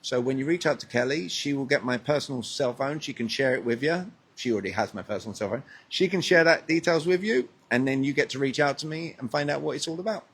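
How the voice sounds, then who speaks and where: Husky British man coaching with emphasis. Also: medium pitch, fast talker, few pauses. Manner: animated, emphatic speaker who poses rhetorical questions. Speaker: guest communication coach. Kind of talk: conversational interview on a live stream.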